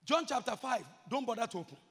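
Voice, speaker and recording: A pastor preaching in a large church hall, his voice pitched very high and gravelly. He drawls slowly and breaks into shouted prayer lines. A long reverb hangs on every word. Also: lively intonation. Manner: preaching, swinging from murmured asides to shouted chants. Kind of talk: sermon.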